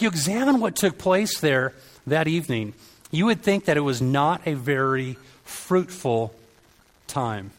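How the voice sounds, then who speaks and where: A middle-aged man preaching a sermon, telling stories and acting out quoted voices with lively energy. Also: a little high, unhurried.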